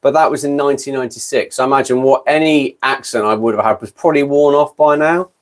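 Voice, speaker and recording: A man's voice: medium pitch, fast talker. A British man in his fifties hosting a casual livestream chat, rambling and correcting himself as he goes. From Britain. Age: 50s. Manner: rambling, self-correcting, gabbling. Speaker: livestream host.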